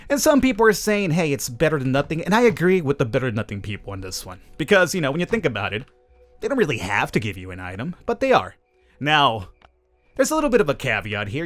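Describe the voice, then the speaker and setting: A man's voice: a little high, fairly bright tone. A man hosting a casual let's-play commentary, playful and sarcastic, asking his viewers rhetorical questions over game music. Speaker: gaming channel host.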